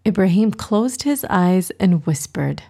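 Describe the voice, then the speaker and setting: A woman narrating a children's storybook in a gentle, expressive reading manner. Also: medium pitch, measured pace, vocal fry, slightly rough.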